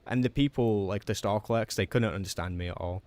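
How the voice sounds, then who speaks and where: Fast-talking man streaming a game. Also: fairly low pitch. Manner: talks quickly in a relaxed, chatty way; reacts out loud to gameplay. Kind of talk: casual live-stream commentary.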